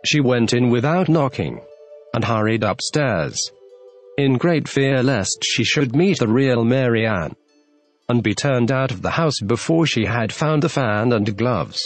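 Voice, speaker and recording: A man reading a classic storybook aloud as narrator, in a measured, even storytelling manner. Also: medium pitch, faint music behind. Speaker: audiobook narrator.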